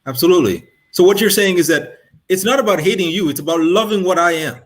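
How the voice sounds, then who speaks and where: Man, interview host, higher pitch, measured, thoughtful, long questions. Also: expressive.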